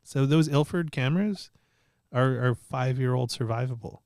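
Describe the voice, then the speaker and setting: A man's voice: mid-range voice, moderate pace, vocal fry, dry recording, studio quality. A man hosting a casual chat show, telling stories with lots of laughter and the odd curse. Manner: animated storyteller, swears, laughs often. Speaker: podcast host.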